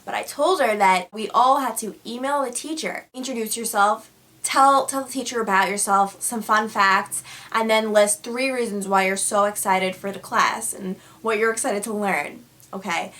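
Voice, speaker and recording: A woman's voice: medium pitch, normal speed, pushed and bright. A young woman telling stories casually to her vlog audience, chatty with lots of fillers. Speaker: vlogger. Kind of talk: casual storytelling.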